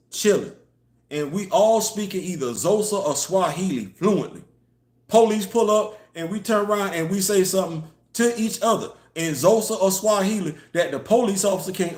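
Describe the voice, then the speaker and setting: A man hosting a casual live online show, talking emphatically, firing off rhetorical questions and answering viewer chat. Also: sits high. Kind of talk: casual live-stream commentary. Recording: echoey room.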